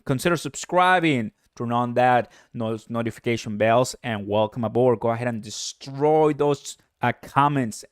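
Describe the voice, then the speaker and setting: A man hosting a casual crypto livestream, talking with energetic hype and many fillers into a close microphone. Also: medium pitch, dry recording. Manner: energetic, hyped, lots of fillers.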